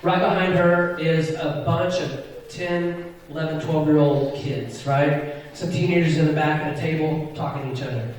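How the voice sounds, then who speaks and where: A man's voice: on the high side, normal speed. Man telling a story in an echoey hall. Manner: animated, chatty, keeps checking in with "right?". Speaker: Christian musician and speaker. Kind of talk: storytelling talk to a live audience. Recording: echoey hall picked up from far off.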